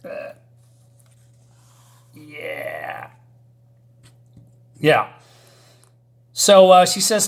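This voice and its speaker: Man, fairly high voice, hesitant, fillers, casual comic review. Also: animated, a little slow, long pauses. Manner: hesitant, many fillers, chuckling asides.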